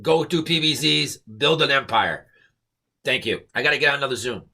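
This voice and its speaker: A man's voice: mid-range voice, animated, a little fast, vocal fry, bright, forceful tone. A man giving an emphatic, repetitive motivational pep talk to camera, stressing his points with "okay?". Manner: fired-up, preachy. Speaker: network marketing motivational speaker.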